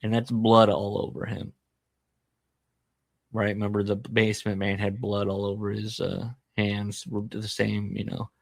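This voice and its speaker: A man with a fairly low, gravelly voice hosts a casual book-discussion podcast. He retells the plot in an animated way and drops jokey, self-deprecating asides. The sound is close and dry. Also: a little slow, no echo. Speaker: podcast host.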